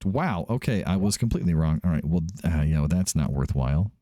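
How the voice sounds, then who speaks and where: A man's voice: sits low, expressive, fairly quick, warm tone, dry recording, studio quality. A man hosting a let's play, giving casual gameplay commentary, chatty and thinking aloud as he often corrects himself.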